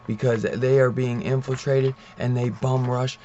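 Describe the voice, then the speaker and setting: A man's voice: mid-range voice, little pitch movement, measured pace, dark tone, a little hiss or hum. A man in a casual, profane comic book review rant, leaning on "like", "man" and "dude" as he retells scenes. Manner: loose and profane, heavy use of "like", "man" and "dude"; retells scenes in a loose storytelling way. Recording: slightly dull, muffled audio.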